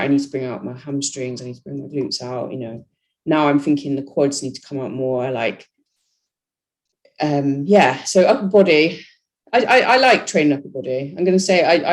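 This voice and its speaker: A young woman chatting casually as a podcast guest, talking about her bodybuilding training with lots of "you know" fillers. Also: low-pitched. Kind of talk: casual chat.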